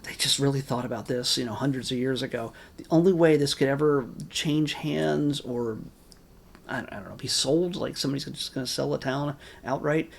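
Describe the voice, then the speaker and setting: A man's voice: medium pitch, moderate pace, vocal fry. A man giving a casual, rambling spoken review of a film, with wry asides and many restarts. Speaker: movie reviewer.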